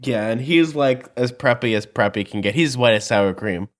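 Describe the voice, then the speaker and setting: A podcast co-host recapping a book's plot in relaxed casual chat, full of fillers. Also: medium pitch, normal speed. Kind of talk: casual book discussion.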